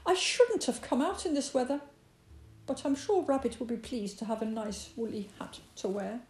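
A woman's voice: fairly high pitch, normal speed, darkish tone, voice pushed up, close to an everyday voice. A woman voicing a small, timid male hedgehog in a storybook, with a fretful, fluttery voice. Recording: roomy echo.

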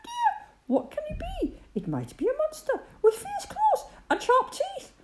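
A woman voicing a group of tiny frightened mice in a storybook reading, squeaky and very high. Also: wildly swooping pitch, a little slow, exaggerated voice. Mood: scared.

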